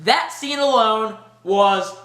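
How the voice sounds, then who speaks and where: A man giving an excited, rambling movie review, full of fillers and restarts. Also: high-pitched, slow, echoey room.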